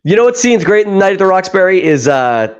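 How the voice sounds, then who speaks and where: A man, hosting a casual podcast chat and excitedly retelling comedy scenes, swearing and laughing as he goes. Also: high voice, fairly quick, clean tone. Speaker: podcast host. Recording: dull lo-fi sound.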